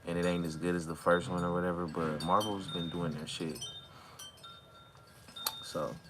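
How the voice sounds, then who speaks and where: A man hosting a relaxed livestream chat, talking in a slangy, drawling way while high. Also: moderate pace, noisy background. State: high from smoking. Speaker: livestream host. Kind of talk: casual chat with live chat viewers. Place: outdoors or near an open back door, windy. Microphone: phone.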